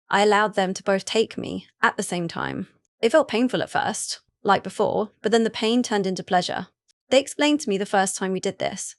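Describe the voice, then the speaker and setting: A woman's voice: mid-range voice, dry recording. Woman reading a romance audiobook, dry. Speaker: audiobook narrator. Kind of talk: first-person romance audiobook narration.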